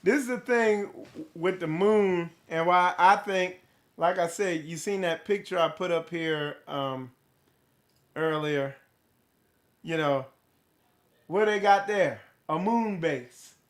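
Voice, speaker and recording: High-voiced, slow-talking man. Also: expressive. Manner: rambling, rhetorical questions, casual swearing. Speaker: host of a spiritual livestream. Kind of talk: casual livestream talk to viewers.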